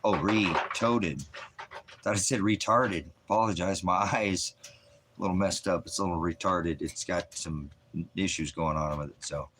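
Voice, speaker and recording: An American man, an online preacher, chatting casually on a livestream and cooing at his dogs in a soft baby-talk voice. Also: low voice, fairly even intonation, moderate pace, slight background noise.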